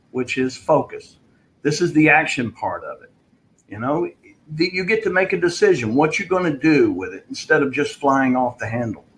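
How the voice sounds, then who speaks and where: A man coaching in a live online session, telling a story and explaining a tip in a relaxed way with fillers. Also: on the high side, low-quality recording. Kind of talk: answering a viewer question in a live online session.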